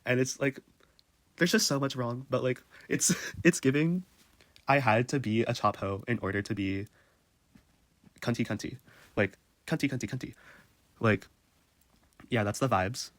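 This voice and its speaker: A young man presenting in a casual, comedic way, animated and slangy, laughing mid-sentence. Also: medium pitch, unhurried, pauses often, no echo.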